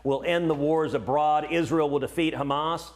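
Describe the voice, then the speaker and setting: Middle-aged male senator guest, higher-pitched, emphatic, stumbles on repeated openers. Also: fairly even intonation, normal speed. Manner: emphatic, repeats words when starting sentences. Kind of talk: cable news interview.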